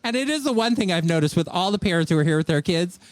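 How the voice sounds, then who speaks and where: A man's voice: high voice, lively intonation, fast, no echo. A man co-hosting a live comedic podcast, ranting and acting out people in exaggerated voices. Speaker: podcast co-host.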